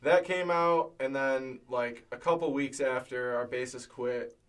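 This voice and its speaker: A man tells tour stories in a relaxed interview with an animated, laughing delivery. His voice is bright and forward. He sits back from the mic, so he sounds a little distant. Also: medium pitch, a little slow, clear, resonant tone. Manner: animated storyteller, laughs often. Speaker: band member. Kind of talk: casual chat. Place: band practice space.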